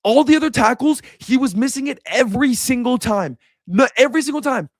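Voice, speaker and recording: A man's voice: extremely high pitch, expressive, brisk, no echo, clean studio sound. A young man giving a casual, frustrated reaction rant as a sports commentator, repeating himself as he vents.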